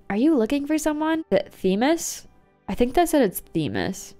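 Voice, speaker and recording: A woman's voice: high-pitched, big pitch swings, moderate pace, mellow, faint music behind. Goofy woman joking through a game. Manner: goofy, joking, laughs often. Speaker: gaming streamer. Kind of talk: casual game commentary.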